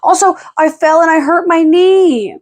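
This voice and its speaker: A woman's voice: extremely high pitch, a little slow, a little mellow. A young woman rambling casually in a late-night home vlog, frazzled and chatty, cooing baby talk at her dogs in between. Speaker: vlogger.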